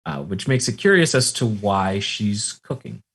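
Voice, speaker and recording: A man narrating as game master of a tabletop role-playing game, relaxed and rambling with many fillers. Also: on the low side, moderate pace, slightly rough.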